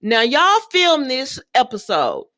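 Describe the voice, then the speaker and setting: A woman giving a casual, animated recap of a soap opera, speaking straight to her viewers with slangy asides. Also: sits high, slow pace.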